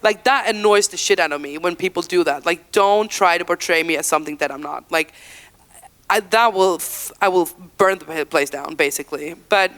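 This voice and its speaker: Speaking at normal speed in a lowish voice with a fairly bright tone, a Faroese woman in her 30s, a singer, gives a candid, chatty interview inside an event venue. Her talk is dotted with "like," restarts, and acted-out quotes.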